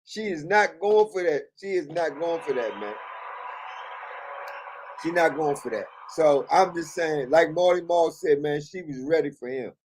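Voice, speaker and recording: Slow chatty guy hosting a stream, laughs a lot, kinda high voice, repeats himself. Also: a little mellow. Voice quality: laughs often while talking, repeats phrases. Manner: loose, amused, chatty. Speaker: live stream host. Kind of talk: casual commentary on viral clips.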